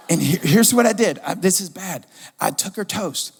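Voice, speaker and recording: A middle-aged man delivers a sermon with a slightly high voice and an animated, humorous storytelling manner. His voice carries a long reverb from a large church hall. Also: moderate pace, slightly rough. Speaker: pastor. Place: church auditorium.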